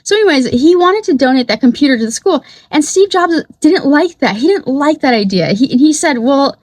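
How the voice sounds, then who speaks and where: A woman's voice: high-pitched, expressive, brisk, few pauses, a little mellow, no room sound. A woman hosting a podcast in a casual, rambling monologue, swearing freely and laughing often. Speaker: podcast host.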